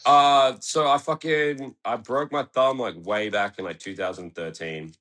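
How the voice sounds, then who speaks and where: A man's voice: medium pitch, measured pace, bright, forceful tone. An Australian man from Tasmania telling a story in a casual studio interview, laid-back, swearing often and laughing as he talks. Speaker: guest skateboarder. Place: podcast studio.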